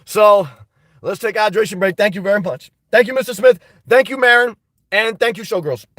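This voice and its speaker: A man's voice: high-pitched, brisk, a bit bright, no room sound, recorded from a distance. A man hosting a casual live stream, reading viewer comments and answering them bluntly while fighting a dry cough. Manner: rambling, blunt, talks back to chat comments. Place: inside a car.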